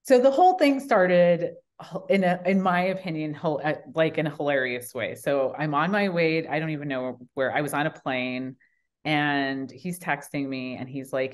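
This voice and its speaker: A woman co-hosting a casual chat show, telling an animated, laughing story and acting out both sides of it with plenty of swearing. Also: low voice, normal speed. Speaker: podcast co-host.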